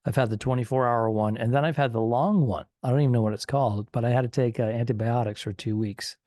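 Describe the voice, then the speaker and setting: A man of middle pitch ribs his co-host and argues his point in loose banter. His voice is recorded close and dry, with no room sound behind it. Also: fairly even intonation, fast, mellow, no echo. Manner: needling, argumentative banter. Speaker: stand-up comedian and podcast co-host. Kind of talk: casual comedy podcast chat.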